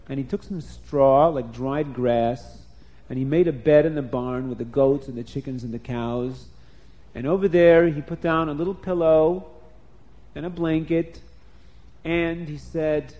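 A man telling a story to children, animated and stopping to explain words. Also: fairly high pitch, unhurried.

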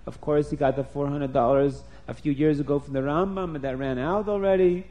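A man telling a story to children, animated and stopping to explain words. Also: on the high side, brisk, hardly any pauses.

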